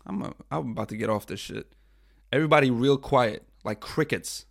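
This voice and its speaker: Frustrated and profane, a young podcast host livestreams his show, chatting casually and poking fun at himself. He speaks a little fast in a gravelly, medium-pitched voice, recorded dry at studio quality.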